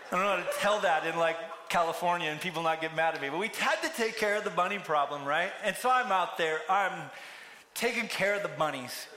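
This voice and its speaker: A man's voice: high-pitched, brisk, background noise. A man preaching a sermon, telling a story and acting out the characters' lines. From United States. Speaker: pastor. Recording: echoey hall with long reverb.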